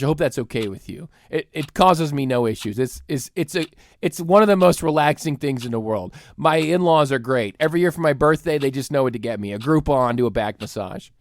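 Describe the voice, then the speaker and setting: A man in his thirties rants with comic exasperation, his pitch swinging wildly as he jumps between his own voice and the people he imitates. The sound is close and dry, with no room around it. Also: gravelly, no echo. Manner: exasperated, sarcastic, acts out both sides of dialogues. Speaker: podcast host. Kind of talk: comedic rant.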